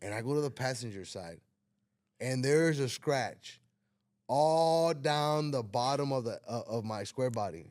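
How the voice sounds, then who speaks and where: A man's voice: mid-range voice, lively intonation, a little slow, darkish tone, dry recording, clean studio sound. A man, hosting a casual talk show and telling a story, acting out the dialogue and swearing freely. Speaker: podcast host telling a story.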